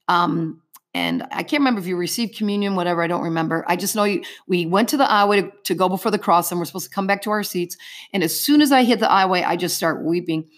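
A woman's voice: fairly low pitch, fast. A middle-aged woman giving an earnest personal faith testimony as an interview guest, telling her story vividly in the present tense.

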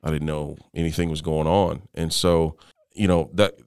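A middle-aged man telling a personal story as an interview guest, halting, with frequent restarts and fillers, often dropping to a quieter level. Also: rumbling low, fairly even intonation, clear, resonant tone, no room sound, studio quality.

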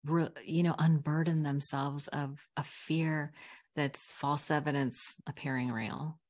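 Animated woman coach, lowish voice. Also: measured pace. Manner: animated, laughs often, warm and frank. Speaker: guest, recovery coach and speaker. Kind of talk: casual chat on a podcast.

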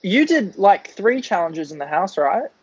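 Brief: interviewer with a husky voice, short friendly questions, dull lo-fi sound. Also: mid-range voice, big pitch swings, a little slow, no echo. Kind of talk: casual chat.

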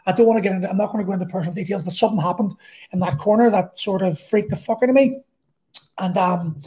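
A man's voice: high-pitched, quick pace, warm tone. A middle-aged man with a Belfast accent, telling a personal story in a blunt, sweary, rambling way. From Northern Ireland.

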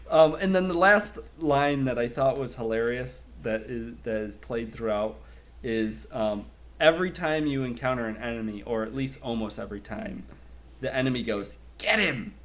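A man's voice: medium pitch, moderate pace. A man in easy, casual conversation with a mid-range voice. He laughs often and slips into mimicking voices for effect. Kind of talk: casual chat.

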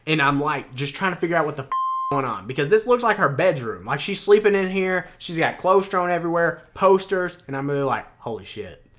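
Animated young man telling a story. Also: a little high, fairly quick. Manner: animated storyteller, acts out quotes, swears freely. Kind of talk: casual chat, telling a dream.

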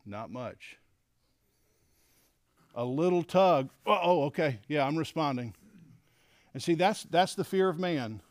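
Middle-aged guy teaching men from the bible, lively, acts out the quotes, dry close sound. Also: on the high side, moderate pace, no echo. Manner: animated, acts out quoted lines. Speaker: men's leadership teacher.

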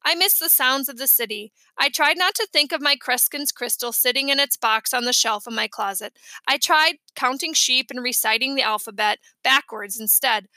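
Woman reading a kids audiobook, high bright voice, lively, close dry mic. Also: moderate pace, no room sound. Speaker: audiobook narrator. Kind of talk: first-person audiobook narration.

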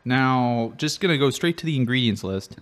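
A man's voice: medium pitch, expressive, normal speed, fairly bright tone. A man co-hosting a casual hot sauce tasting, chatting in an easygoing, playful way. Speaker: co-host. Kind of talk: casual chat.

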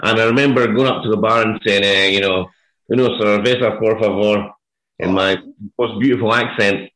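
A man's voice: fairly low pitch, steady tone, fairly quick, pushed and bright. Scottish man telling stories, roomy sound. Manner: anecdotal storyteller, hesitant fillers. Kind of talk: casual podcast chat. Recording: roomy echo.

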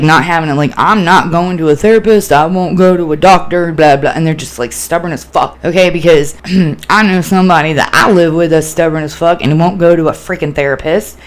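A woman hosting a casual solo podcast, talking candidly and with plenty of swearing, rambling through fillers and restarts. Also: lowish voice. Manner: candid, profane, animated storytelling. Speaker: podcast host.

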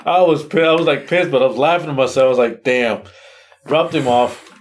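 Man co-hosting a podcast, lively storyteller who acts out his reactions and curses often. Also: fairly high pitch, fast talker, a little hiss or hum. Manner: animated storyteller, acts out his own reactions, swears a lot. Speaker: podcast co-host. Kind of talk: casual storytelling chat.

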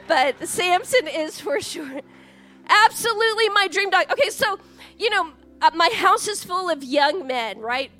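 A woman in her forties preaching a sermon in a church, lively, chatty and joking as she talks. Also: extremely high pitch. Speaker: pastor.

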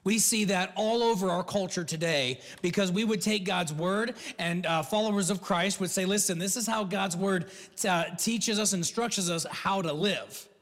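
A high-pitched man from the United States delivers a conversational sermon, acting out the lines he quotes as he goes. His voice trails off into a long reverb, as if he were in a large hall. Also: moderate pace, hardly any pauses, fairly bright tone. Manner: conversational preaching with restarts and acted-out quotes. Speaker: pastor.

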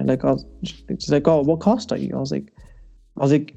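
A man's voice: on the high side, steady tone, fairly quick, gravelly, warm tone, faint music behind. A young man hosting a podcast, casually telling a personal story with lots of animation and laughter. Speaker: podcast host. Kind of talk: casual chat.

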